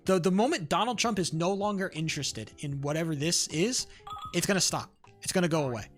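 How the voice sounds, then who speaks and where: Young male streamer, slightly high voice, rambling heated rant with faint music under it. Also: animated, a little fast. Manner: rambling, heated, many fillers and restarts, swears. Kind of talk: casual livestream rant.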